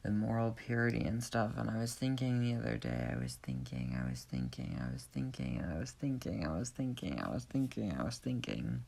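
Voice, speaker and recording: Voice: mid-range voice, vocal fry. A speaker rambling in an improvised stream-of-consciousness monologue, wry, self-mocking and repetitive, full of the filler "like". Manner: frequent filler "like".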